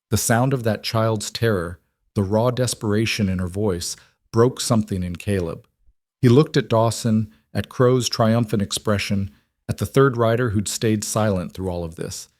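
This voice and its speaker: A man narrating a western story in a brisk, dramatic style. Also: on the low side, a little mellow, no room sound, clean studio sound.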